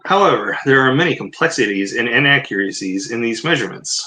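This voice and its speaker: A man's voice: medium pitch, animated, quick pace, pushed and bright, poor audio. A man giving sarcastic, rambling commentary, mixing book passages read aloud with mocking rebuttals. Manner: rambling asides. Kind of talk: casual commentary mixed with reading aloud.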